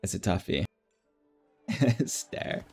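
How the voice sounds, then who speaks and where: A man with a deep, gravelly voice talks through his game as a streamer, musing aloud in an easygoing way. Faint music plays under his casual commentary. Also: very slow. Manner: thinking aloud, relaxed, mumbling asides. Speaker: streamer playing a strategy game.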